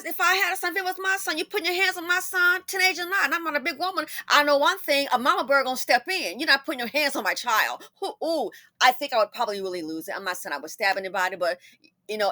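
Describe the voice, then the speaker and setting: Fired-up woman ranting about a case, high bright voice, swears a lot, dry close sound. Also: quick pace, dry recording. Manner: indignant, blunt, swears, talks back at the people in the clips. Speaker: commentator. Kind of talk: heated commentary on a news clip.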